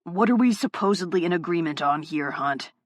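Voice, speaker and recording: A woman voicing a gruff, hot-tempered male FBI agent in an audiobook, curt and swearing. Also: on the low side, animated, fairly quick, no echo, clean studio sound. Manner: curt, swearing, mutters darkly. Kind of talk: audiobook character voice.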